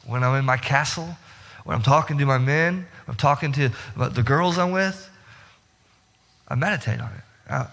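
A man preaching a sermon as pastor, emphatic and repetitive, climbing higher in pitch as he presses his points. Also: sharp tone. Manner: emphatic, repeats words and restarts, rises in pitch when stressing points. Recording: long reverb of a hall.

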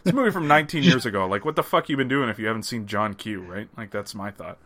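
Casual podcast co-host: Canadian man, bright forceful voice, jokey, swears freely. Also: on the low side, animated. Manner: laughing, swearing, quick asides. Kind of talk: casual movie ranking chat.

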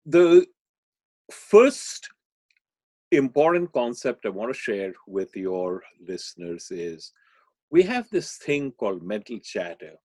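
A man's voice: mid-range voice, sing-song, slow pace, long pauses, a little mellow, husky, no room sound. Man explaining and telling stories. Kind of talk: podcast interview, storytelling.

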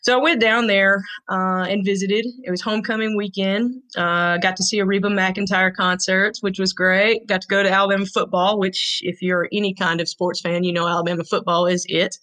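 A woman's voice: medium pitch, little pitch movement, brisk, hardly any pauses, a bit bright, rough recording. A woman, a guest telling an emotional story in an earnest, frank way. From Tennessee, USA. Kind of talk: heartfelt storytelling.

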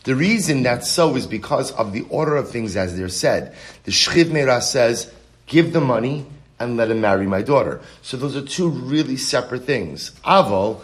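A man teaching a Talmud class, reading the Aramaic text aloud and then explaining it in English with rhetorical questions. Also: medium pitch.

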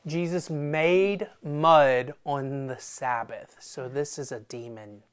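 A man's voice: medium pitch, slow pace, clean tone. A man preaching a sermon in a loose, conversational storytelling manner. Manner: conversational, storytelling with voiced quotes and laughs. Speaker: pastor.

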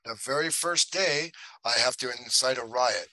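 Bright-voiced man telling animated anecdotes. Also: medium pitch, moderate pace, dry recording, poor audio. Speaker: actor guest. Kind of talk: casual storytelling interview.

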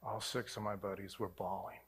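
A man's voice: on the low side, little pitch movement, normal speed, husky. A man preaching a sermon, telling his own faith story in a casual, earnest way. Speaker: pastor. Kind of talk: sermon testimony.

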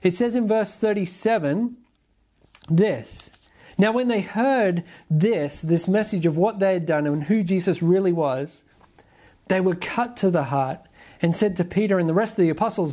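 Earnest, measured preacher. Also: mid-range voice, warm tone. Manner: earnest, measured, asks the listeners direct questions. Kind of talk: sermon.

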